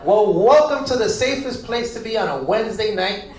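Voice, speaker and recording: A man's voice: high-pitched, animated, normal speed. A man from the Bronx with a New York accent doing stand-up, bantering with the crowd in a brash, profane way. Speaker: stand-up comedian. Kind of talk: stand-up comedy with crowd work. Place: packed loft comedy venue, indoors. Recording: echoey room with loud crowd. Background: laughing live crowd.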